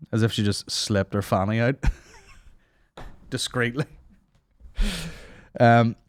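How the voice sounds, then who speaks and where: A man's voice: medium pitch, extremely slow, dry recording, clean studio sound. A man hosting a comedy podcast, rambling and swearing as he jokes. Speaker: podcast host. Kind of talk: casual comedy banter.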